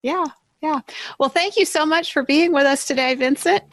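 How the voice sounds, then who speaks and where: A woman's voice: sits high, moderate pace, fairly bright tone, dry recording. A woman hosting a business podcast, interviewing a guest and reading a scripted closing call to action. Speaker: podcast host. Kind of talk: interview and show outro.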